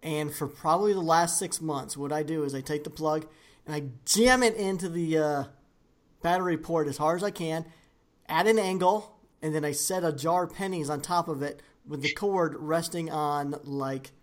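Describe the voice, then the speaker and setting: A man's voice: on the high side, normal speed. A man co-hosting a podcast, chatting casually and telling rambling stories with lots of fillers. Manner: rambling, laid-back storytelling. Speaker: podcast co-host. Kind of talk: casual chat.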